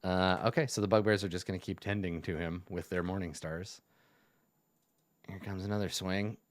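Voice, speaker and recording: A man narrating as game master in an online tabletop game, relaxed and chuckling, with plenty of uhs and ums. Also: low-pitched, moderate pace, slight background noise. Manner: relaxed, laughing, many fillers.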